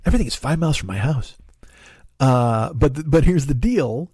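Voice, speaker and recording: A man's voice: medium pitch, lively intonation, moderate pace, darkish tone, breathy edge, no room sound. A middle-aged comedian hosting his podcast, telling a rambling, profane, self-deprecating story into a studio mic. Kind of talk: comic storytelling monologue.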